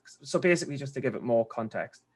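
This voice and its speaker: A man's voice: mid-range voice, animated, fast talker. A man with a Geordie accent from England, talking through his trading habits in a loose, rambling way during a coaching conversation. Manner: rambling, restarts often, slangy. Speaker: trader being coached.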